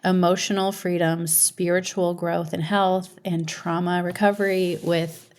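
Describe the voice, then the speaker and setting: A woman hosts a podcast conversation with a friend, her voice animated and eager. She talks casually, warmly excited about what she shares, sitting a little low in pitch. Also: measured pace. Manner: animated, enthusiastic, laughs often. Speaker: podcast host.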